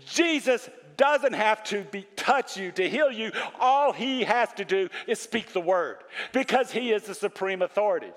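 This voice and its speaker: A man preaching a sermon, animated, quoting scripture and asking his congregation questions. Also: high-pitched, normal speed, hardly any pauses, in a large hall. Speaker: pastor.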